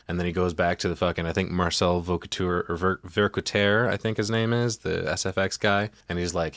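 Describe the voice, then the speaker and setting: A man's voice: low-pitched, flat delivery, a little fast, few pauses, a bit bright, no echo, studio quality. A man hosting a podcast, casually breaking down a movie scene by scene in a jokey, profane way. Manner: profane, jokey, retells scenes in quoted voices. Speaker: podcast host.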